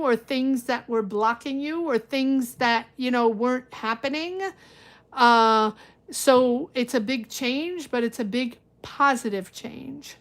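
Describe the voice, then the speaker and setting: A woman giving a live-stream tarot reading, chatty and reassuring, thinking aloud with lots of fillers. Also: high-pitched. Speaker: tarot reader.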